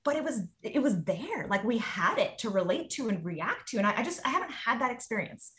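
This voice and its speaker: A woman in her forties, a guest in a casual conversation, talking in an animated way and acting out her own reactions. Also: fairly high pitch, fairly quick. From United States. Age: 40s.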